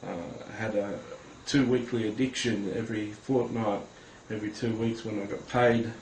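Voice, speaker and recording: A man telling a personal religious testimony to camera, earnest and halting, with many hesitations, speaking directly to viewers. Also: fairly low pitch, steady tone, a little mellow, slight background noise. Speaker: Christian recounting a vision. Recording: roomy with faint ambience.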